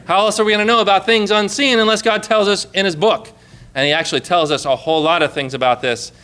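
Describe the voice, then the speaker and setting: Bright-voiced man preaching a sermon. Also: high voice, steady tone, fast talker. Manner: conversational preaching with rhetorical questions. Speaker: pastor.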